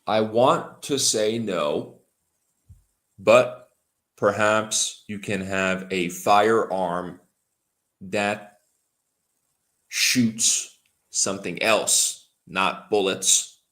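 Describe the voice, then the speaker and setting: A man teaching English on a livestream, who talks slowly and repeats words for his learners. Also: on the low side, steady tone, fairly bright tone. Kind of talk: livestream language lesson.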